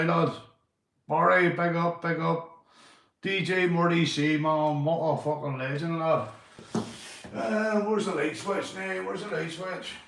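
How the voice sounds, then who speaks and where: A Northern Irish man live-streaming from home, chatting casually, swearing and giving shout-outs to his viewers. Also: fairly high pitch, vocal fry, roomy sound, slight background noise. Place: indoors at home.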